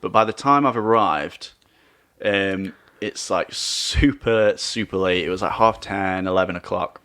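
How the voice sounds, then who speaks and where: Male podcaster, lower register, loose chatty storyteller who goes quiet at the grim bits. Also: unhurried. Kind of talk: casual podcast chat.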